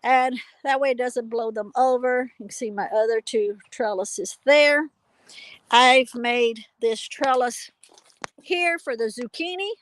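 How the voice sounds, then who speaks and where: A high-voiced woman chats loudly on a live phone stream. She rambles cheerfully with plenty of fillers. Her voice sounds close and dry, recorded out in a backyard garden. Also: a little slow, no room sound, low-quality recording. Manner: loud, chatty, rambling with fillers. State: hard of hearing. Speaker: channel host. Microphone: phone held while walking.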